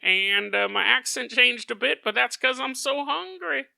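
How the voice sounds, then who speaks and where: A man voicing a cantankerous old diner in a white suit who erupts in loud, cursing outbursts over his food. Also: very high voice, animated, measured pace, gravelly, dry recording, clean studio sound, pitched above the performer's own voice, exaggerated voice. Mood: politely ordering.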